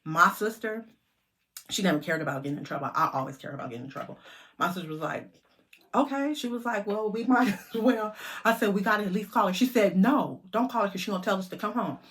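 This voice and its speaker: A middle-aged woman vlogger telling a lively story to her viewers, chatty and animated. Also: medium pitch, quick pace.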